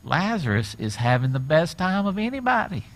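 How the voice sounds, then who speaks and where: A middle-aged male pastor preaching a sermon, retelling scenes with lively acted-out quotes. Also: fairly high pitch, normal speed. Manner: animated storytelling, acts out quoted voices.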